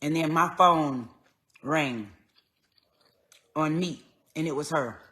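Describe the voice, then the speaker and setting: A woman telling a personal story in an earnest, conversational way, going soft and then raised as she relives moments. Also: sits low, slow pace. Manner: earnest, conversational, swings between quiet and raised when retelling. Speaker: vlogger.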